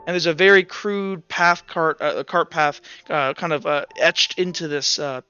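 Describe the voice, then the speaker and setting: A man's voice: fairly high pitch, moderate pace, pushed and bright, smooth, dull audio, soft background music. A man narrating as game master of a tabletop game, rambling with lots of fillers and restarts.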